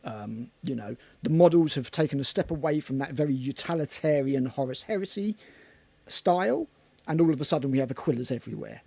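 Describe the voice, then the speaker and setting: A man with a gravelly, slightly husky voice, pitched a bit higher than most men, chatting loosely on a hobby podcast. He rambles and swears casually. The sound is close and dry. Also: lively intonation, brisk, warm tone, no room sound. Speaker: podcast co-host. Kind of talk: casual chat.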